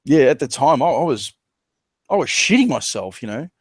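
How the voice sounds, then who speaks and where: A man with an Australian accent telling a personal story in casual chat, laughing and animated as he quotes others. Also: mid-range voice, moderate pace, slightly rough, no room sound. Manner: laughs while telling stories, animated when quoting others. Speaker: discussion participant.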